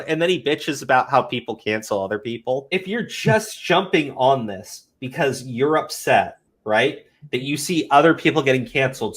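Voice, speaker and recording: A man ranting in heated commentary chat, swearing often and mocking critics in high whiny voices. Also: fairly bright tone. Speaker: commentary podcast co-host.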